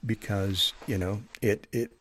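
A man who works as an audiobook narrator, talking in a relaxed, chatty interview manner with plenty of fillers. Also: fairly low pitch, a little slow, slight background noise. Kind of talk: casual interview talk.

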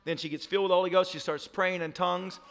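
A man's voice: sits high, fairly even intonation, fast talker, a bit bright. A pastor in his thirties preaching a sermon, telling a story with laughter and a voice that cracks upward. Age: 30s.

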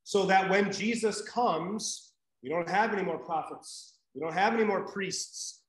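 A man's voice: sits high, a little slow, echoey room, low-quality recording. A man teaching a live Bible class in a conversational way, checking in with "right?" and using many fillers.

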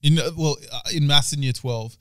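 A man's voice: a little high, brisk, clean tone, no echo, studio quality. A young man, chatting casually as a podcast co-host, rambling and swearing as he tells stories. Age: young adult. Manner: rambling, swears a lot, animated storyteller. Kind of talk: casual chat.

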